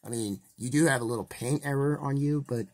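A man's voice: medium pitch, fairly quick, darkish tone, natural voice. A man voicing a cheerful male mayor toy in a fan toy play, casual and upbeat as he announces news.

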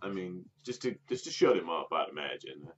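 A podcast co-host with a low, sing-song voice tells a friend a story at a fairly quick clip, laughing often and restarting sentences. Faint music plays behind him, and the lo-fi recording sounds dull.

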